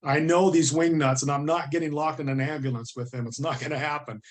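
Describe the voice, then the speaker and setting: A man's voice: a little high, fairly even intonation, brisk. A middle-aged American man, a guest on an interview show, telling his story earnestly and vividly, acting out the voices of people he quotes. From United States.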